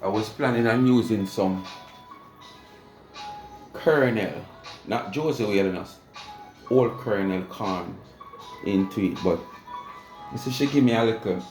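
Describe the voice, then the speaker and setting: A man's voice: on the low side, measured pace, long pauses, darkish tone. A man with a Jamaican accent chatting casually to his viewers while he cooks in his home kitchen. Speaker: cooking vlogger. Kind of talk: casual cooking talk. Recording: echoey kitchen with music behind.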